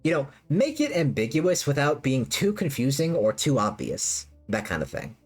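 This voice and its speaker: A woman's voice: extremely low pitch, huge pitch swings, normal speed, darkish tone, husky. A woman streamer chatting casually with her live chat, rambling and repeating herself with lots of fillers. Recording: faint music behind.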